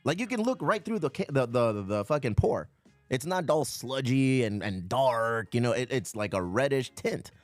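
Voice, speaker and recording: A man's voice: mid-range voice, moderate pace, dry recording, faint music behind. A man hosting a podcast in casual chat, telling profane, joking stories. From Mexican American from San Diego area. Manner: profane, joking, animated storytelling. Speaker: podcast host.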